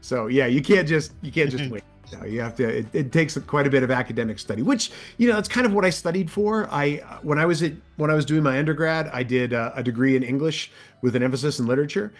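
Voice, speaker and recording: A man talking shop as an interview guest, a working voice actor who can't explain a voice without doing it. His pitch keeps leaping up high and dropping low as he demonstrates, over an ordinary mid-range speaking voice. The talk stays loose and chatty. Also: quick pace, hardly any pauses, faint music behind. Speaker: audiobook narrator and voice actor, guest. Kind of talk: casual interview chat.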